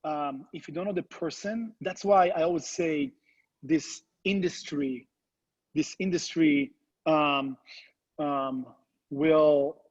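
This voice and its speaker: Husky-voiced man on a muffled call. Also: a little high, fairly even intonation, slow. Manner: hesitant, many fillers. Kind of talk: panel discussion over video call. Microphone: video call.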